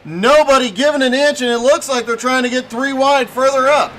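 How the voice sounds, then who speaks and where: High-pitched man calling a race. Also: a bit bright, a little hiss or hum. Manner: brisk play-by-play calling. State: losing his voice. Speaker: race commentator. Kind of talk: play-by-play commentary.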